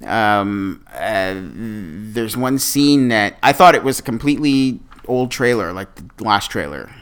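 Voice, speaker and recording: A man's voice: lowish voice, lively intonation, unhurried, a bit bright, clean tone. A man as a guest on a podcast, talking in casual chat with a fan's eager enthusiasm and plenty of fillers.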